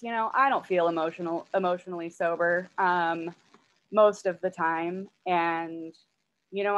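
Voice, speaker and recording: A woman with a lowish voice shares at an online recovery meeting, gushing and close to tears and filling her speech with "like" and "you know". The audio is dull and lo-fi. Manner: gushing, tearful, many fillers of like. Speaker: meeting member sharing.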